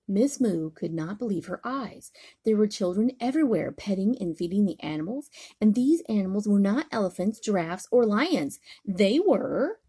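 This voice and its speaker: An older grandmother reads a bedtime story in a gentle, soothing manner. Her voice is unhurried, mellow and a little breathy. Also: mid-range voice.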